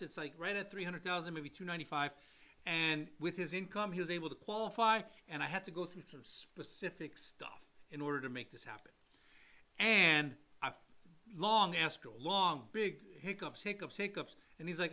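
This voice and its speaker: A man with a bright, forceful voice, fairly high for a man, telling a client story on a podcast. He acts out the quotes and sometimes drops to a hushed near-whisper. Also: brisk. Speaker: loan officer, podcast co-host.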